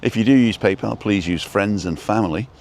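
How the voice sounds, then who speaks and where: A rambling, chatty man hosts a live stream from his phone while out on a street, pausing to read viewer comments. His voice sits on the low side, and a faint hum of traffic runs underneath. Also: darkish tone. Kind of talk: casual live-stream chat.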